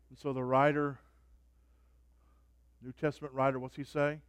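A man preaching a sermon, swinging from soft, low asides to loud, rising proclamations. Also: little pitch movement, moderate pace, pauses often, clean tone, no room sound.

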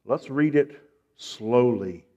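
A man preaching a sermon. He repeats his phrases, calls for amens and swings from hushed lines to loud, rising ones. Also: mid-range voice, takes it slowly, highs cut off.

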